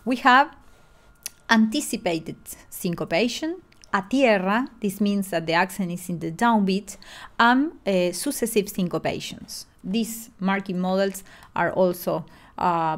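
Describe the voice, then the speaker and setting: A woman's voice: mid-range voice, measured pace. Woman teaching tango piano. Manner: explanatory, with frequent fillers and restarts. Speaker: music lecturer. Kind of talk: online music lesson.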